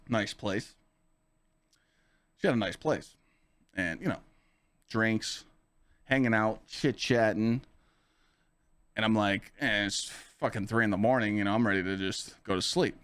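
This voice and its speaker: A man hosting a podcast, telling a story in a casual, profane way, full of filler phrases. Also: on the low side. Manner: animated, profane, full of "you know" fillers. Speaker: podcast host and streamer.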